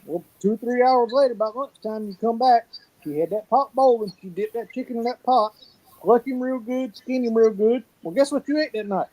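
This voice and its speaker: A man's voice: very high voice, brisk, warm tone, poor audio. A man, telling colorful, salty stories about his family in casual chat. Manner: colorful folksy storyteller, salty language.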